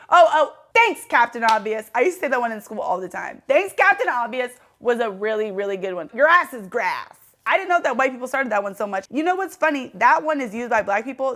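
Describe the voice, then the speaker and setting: Playful, animated woman comedy host. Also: high-pitched. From California. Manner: playful, animated, breaks into impressions. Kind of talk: comedic monologue.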